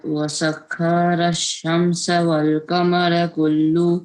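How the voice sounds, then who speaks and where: A man taking part in an online class, asking short questions and then reciting slowly, correcting himself as he goes. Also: on the high side. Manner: steady, halting recitation with self-corrections. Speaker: student reciting. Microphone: video call.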